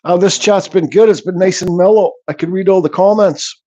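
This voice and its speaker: A man with a fairly high but mellow voice talks loosely through a livestream, greeting viewers and reading their comments aloud. His speech is relaxed and a bit mumbled, and the sound is slightly dull and lo-fi. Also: brisk. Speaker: livestream host. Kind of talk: casual livestream chat.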